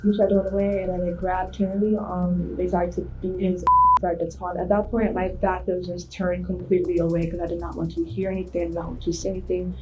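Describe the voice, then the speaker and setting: A woman's voice: on the low side, little pitch movement, brisk, background noise. Defensive woman on muffled interview tape. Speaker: suspect in a police interview. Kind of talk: recorded interrogation. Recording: muffled lo-fi interview room audio.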